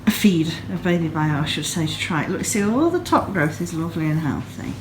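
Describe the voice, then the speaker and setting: A woman in her thirties talks through her vlog in a low, homely voice, sleepy and yawning. She gushes happily over little pretty things as she chats. Faint room noise sits behind her. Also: animated, a little fast, few pauses. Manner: chatty, gushing over small pretty things. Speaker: yarn dyer and vlogger. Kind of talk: casual vlog chat. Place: home, craft room.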